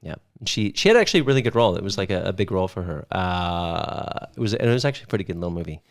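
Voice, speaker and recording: A man in his thirties chatting casually as a podcast guest, rambling and correcting himself, with quick jokes. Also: low voice, expressive. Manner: rambling, self-correcting, joking. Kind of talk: casual chat.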